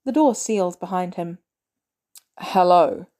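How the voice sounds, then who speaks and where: A woman narrates a story aloud in a measured, even way. Her voice is mellow and warm, sitting at a middle pitch. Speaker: podfic reader.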